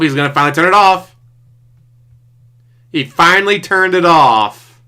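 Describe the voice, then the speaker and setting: A man's voice: medium pitch, normal speed, long pauses, pushed and bright, clean tone, soft background music. A man giving sarcastic, mocking running commentary while he watches another streamer's broadcast. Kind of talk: casual reaction commentary. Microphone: desktop USB mic.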